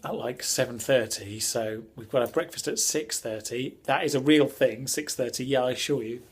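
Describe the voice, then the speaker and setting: A man's voice: mid-range voice, moderate pace, husky, poor audio. A young man casually vlogging as he walks, chatty and self-mocking, filmed on a handheld camera. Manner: chatty, self-mocking, walking while filming. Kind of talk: casual vlog commentary. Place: indoors and city streets.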